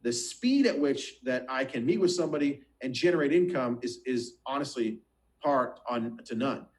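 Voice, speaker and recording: Energetic man giving a sales pitch. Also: normal speed, rough recording. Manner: energetic, talks straight to the listener with rhetorical questions; acts out quoted voices, repeats words. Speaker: financial business recruiter.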